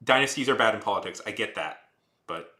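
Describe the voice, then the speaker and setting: Rambling man with a very bright voice. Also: lowish voice, lively intonation, a little fast. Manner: rambling, heavy use of "like", restarts and trails off; heated, ranting. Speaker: streamer. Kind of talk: casual rambling chat while drawing. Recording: echoey room.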